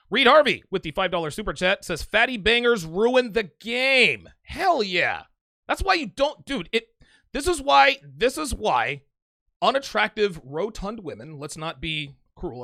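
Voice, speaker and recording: Hosting a live call-in stream, a man reads super chats and takes calls in casual show chat, brash, emphatic and repetitive. His voice sits high and sounds pushed and bright, recorded at studio quality with no echo.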